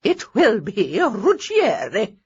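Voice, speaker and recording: A woman's voice: mid-range voice, wildly swooping pitch, slow pace, slightly rough, lo-fi sound, voice pushed up, full character voice. A woman voicing a grand, imperious elderly lady who barks her pronouncements. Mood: grandiose.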